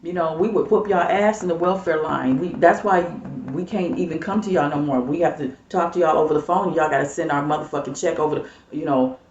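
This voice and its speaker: A woman's voice: low voice, a little fast, hardly any pauses, darkish tone, a little hiss or hum. A woman vlogger in a heated, swearing rant, repeating herself and preaching judgment. Her voice sits back from the mic in a roomy space. The sound is muffled and lo-fi. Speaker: YouTube vlogger. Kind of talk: angry profane rant to camera. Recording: roomy, distant, dull lo-fi sound.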